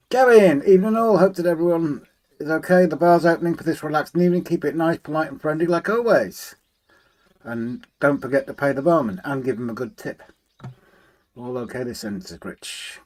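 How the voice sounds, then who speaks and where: A man's voice: fairly high pitch, animated, normal speed. Guy on a live stream, reading out chat and saying hi to everyone, hums little tunes while he tinkers. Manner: chatty, greets viewers warmly by name, hums to himself while working. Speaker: livestream host. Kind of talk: casual live chat, reading out viewer comments.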